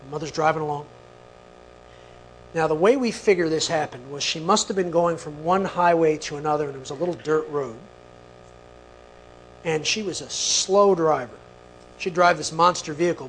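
A man telling a personal story to an audience, animated, with quick asides to the listeners. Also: on the high side, a little hiss or hum, low-quality recording. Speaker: speaker.

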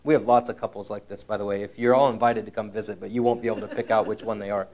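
A man preaching a sermon, telling a personal story in an earnest, frank way, slowing down to stress key lines. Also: lowish voice, fairly even intonation, darkish tone.

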